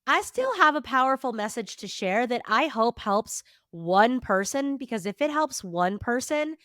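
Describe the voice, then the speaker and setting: A woman's voice: on the high side, expressive, a little slow, a bit bright, no room sound, studio quality. A woman in her thirties hosting a motivational podcast, her voice nasal and stuffy from allergies, upbeat and emphatic. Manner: upbeat, emphatic, casually swears. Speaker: podcast host and therapist.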